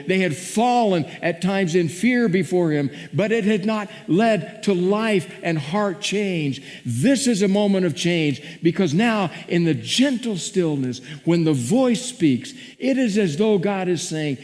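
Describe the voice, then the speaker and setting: A male pastor preaching a sermon and reading scripture dramatically, moving between hushed and emphatic passages. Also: high-pitched, lively intonation, measured pace, hardly any pauses. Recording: long church reverb.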